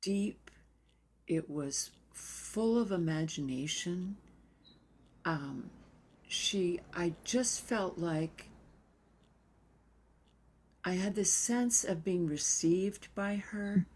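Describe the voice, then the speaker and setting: An older woman dance therapist telling stories in an interview in a reflective, unhurried way, sometimes dropping to a near whisper. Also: on the low side, darkish tone, slight background noise.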